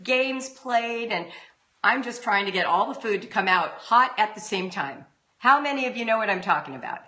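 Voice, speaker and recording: Middle-aged woman host, heartfelt and direct with her viewers; crisp, bright delivery. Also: mid-range voice. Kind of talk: live-stream talk to parents. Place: home.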